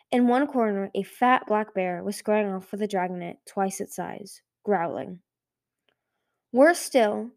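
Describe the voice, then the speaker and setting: A woman reading a children's fantasy novel aloud in a measured way, with small slips and restarts. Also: mid-range voice, darkish tone. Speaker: audiobook reader. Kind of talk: storybook read-aloud.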